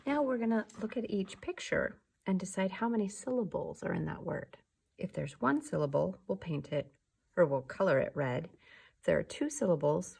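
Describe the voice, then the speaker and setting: A young woman teaching a remote class for young children, slow, soft and patient, often dropping to a whisper. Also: on the low side, vocal fry, slightly rough.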